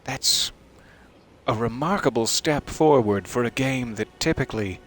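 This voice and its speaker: A man's voice: mid-range voice, measured pace, fairly bright tone, slight background noise. A man giving casual let's-play commentary, making wry joking asides to his viewers and sometimes dropping into a mutter. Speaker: streamer playing a video game.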